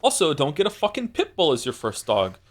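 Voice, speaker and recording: A man's voice: on the high side, huge pitch swings, fairly quick. A man streaming and chatting casually with viewers, rambling through stories with lots of fillers, restarts and blunt swearing. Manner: profane and blunt.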